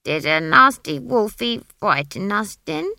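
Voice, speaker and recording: A woman voicing a stern old village witch woman who talks bluntly and briskly in a rustic way. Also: mid-range voice, very animated, vocal fry, bright, forceful tone, no room sound, clean studio sound, pitched above the performer's own voice, exaggerated voice. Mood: coaxing.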